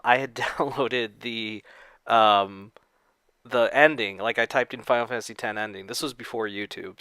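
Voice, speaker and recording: A man's voice: fairly low pitch, fairly bright tone, clean tone, no echo. A man telling a casual story to his channel viewers, rambling with many fillers and the odd swear word. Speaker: video creator.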